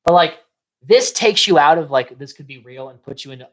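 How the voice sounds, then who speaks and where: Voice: medium pitch, a little fast, poor audio. A co-host of a casual movie review podcast, ranting with casual swearing.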